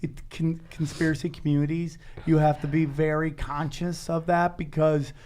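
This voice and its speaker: A man's voice: a little high, level tone, normal speed, darkish tone, a little hiss or hum. A man in his forties hosting a podcast, talking loosely and conversationally and trailing off mid-thought. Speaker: podcast host. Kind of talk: casual podcast chat.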